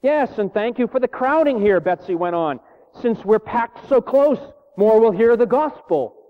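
A man reading the lines of a serene, devout woman prisoner, lifting his voice higher and speaking with earnest, gentle insistence. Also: animated, normal speed. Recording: tinny phone-like sound in a reverberant hall.

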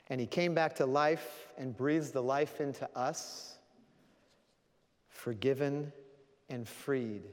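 A man's voice: medium pitch, darkish tone. Earnest male preacher in a reverberant hall. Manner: storytelling, earnest, then prayerful. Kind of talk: sermon.

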